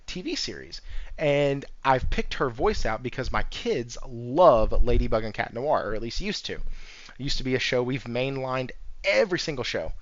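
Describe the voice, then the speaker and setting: A man's voice: medium pitch, fairly bright tone, dry recording. A man hosting a casual gaming livestream. He rambles, chuckles often and reads chat aloud. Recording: slightly dull, dry sound.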